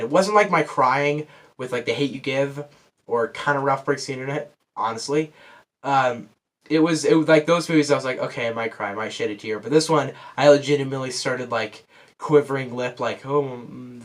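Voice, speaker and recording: A man's voice: mid-range voice, a bit bright. A man casually recapping a movie plot for a review, rambling and filling his sentences with "like" and "kinda". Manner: rambling, heavy use of "like" and "kinda".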